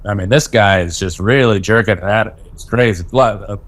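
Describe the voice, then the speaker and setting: A man's voice: on the low side, fairly quick, a bit bright. Joking mock-indignant comedian man. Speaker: podcast co-host, comedian. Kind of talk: casual comedy chat. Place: Ridgewood, New York.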